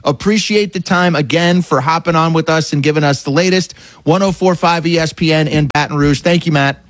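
Man, sports radio host, somewhat high voice, dry studio sound. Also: brisk, dry recording. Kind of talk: casual sports radio talk.

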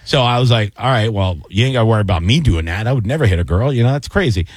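A man in his thirties co-hosts a radio talk show, telling stories and dropping into mock DJ and news anchor voices. His pitch swings widely and stays lively. The studio sound is dry and close. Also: very fast, no echo. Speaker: radio co-host. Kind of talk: casual chat.

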